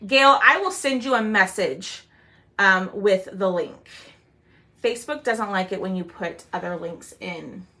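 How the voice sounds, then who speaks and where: A woman's medium-pitched voice sounds pushed and bright. She casually chats with livestream viewers as she demonstrates a craft in a live sale. Chatty by nature, she says "um" a lot and draws out "y'all."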